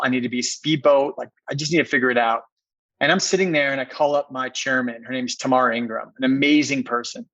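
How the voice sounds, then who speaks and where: A man's voice: mid-range voice, fairly bright tone, no echo, muffled recording. A man, a company co-founder, telling a personal story as a podcast guest, earnest and repeating words for emphasis.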